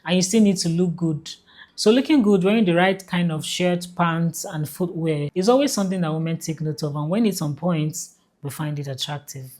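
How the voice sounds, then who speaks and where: Low-voiced woman giving advice. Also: moderate pace, darkish tone. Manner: direct, conversational, addresses viewers as you. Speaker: dating advice vlogger. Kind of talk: casual advice talk to camera.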